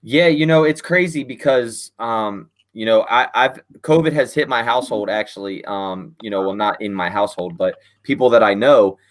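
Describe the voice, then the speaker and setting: A man's voice: fairly low pitch, moderate pace, few pauses. Laid-back guy chatting football. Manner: laid-back, many fillers like "man" and "you know". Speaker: podcast guest. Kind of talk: casual chat.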